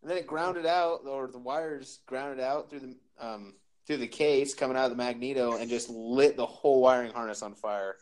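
A man's voice: mid-range voice, steady tone, moderate pace, a little mellow. A man chatting casually on a podcast, easygoing and swearing as he tells a story. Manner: easygoing, profane, laughs often. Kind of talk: casual chat.

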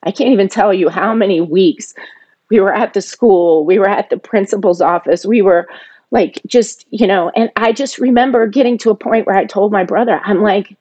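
A woman's voice: mid-range voice, moderate pace, darkish tone. A middle-aged woman tells a personal family story in a casual, heartfelt way. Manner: emotional, rising sharply when quoting her younger self.

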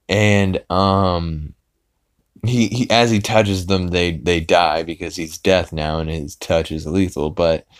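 Deep-voiced man rambling through a recap. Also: clean tone. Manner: rambling, with many fillers. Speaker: podcast host. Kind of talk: casual episode recap.

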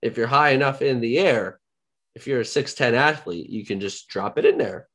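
Deadpan teasing man in sports chat. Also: medium pitch, normal speed. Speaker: podcast co-host. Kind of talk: casual sports banter.

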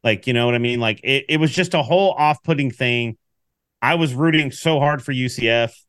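A man co-hosting a casual sports podcast, telling a story with lively acted-out quotes. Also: mid-range voice, fairly quick, smooth, dry recording, clean studio sound. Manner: animated storyteller, acts out quotes. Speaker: podcast co-host.

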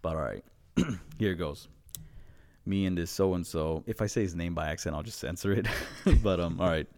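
A man's voice: deep voice, moderate pace, a little mellow. A man hosting a podcast in casual chat, rambling and profane, breaking into laughter often. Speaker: podcast host.

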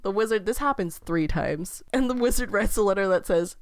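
A woman's voice: medium pitch, lively intonation, a little fast, dry recording, studio quality. A woman casually retelling a fairy tale to a friend, rambling and laughing often.

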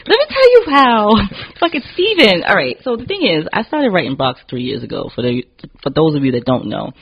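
A woman hosting a casual podcast chat, telling animated stories and acting out what people said, often laughing. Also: lowish voice, brisk, breathy edge, muffled recording. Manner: animated storytelling, acts out quotes, laughs often. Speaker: podcast host.

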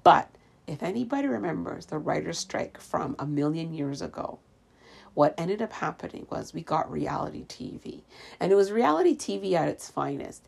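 Low, gravelly woman ranting casually. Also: a little mellow. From Canada. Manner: ranting, sarcastic, talks straight to the camera. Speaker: vlogger. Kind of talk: casual chat. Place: room with the windows open.

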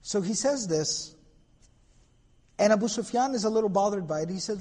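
A man giving a religious history lecture, telling the story in an animated way and quoting Arabic phrases. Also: high-pitched, normal speed, long pauses. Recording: long hall reverb.

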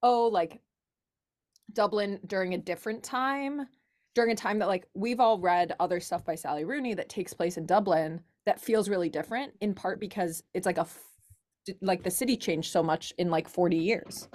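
A woman's voice: medium pitch, normal speed, a little mellow. A young woman, a university student, co-hosting a book club podcast and chatting casually with friends, full of "like" fillers as she thinks aloud. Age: young adult. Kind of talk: casual chat.

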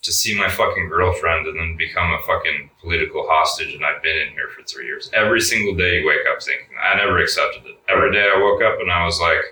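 Young guy with a low, bright voice telling a story, swears a ton, roomy sound from a ways off the mic. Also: fast, hardly any pauses, recorded from a distance. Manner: laid-back, swears a lot, says "like" often. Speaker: guest. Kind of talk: casual storytelling interview.

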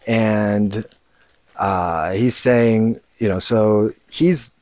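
A man's voice: lowish voice, very slow, darkish tone, no room sound, muffled recording. A man, a father, telling a casual story in a rambling way, with many restarts and the odd curse word. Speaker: father and show host.

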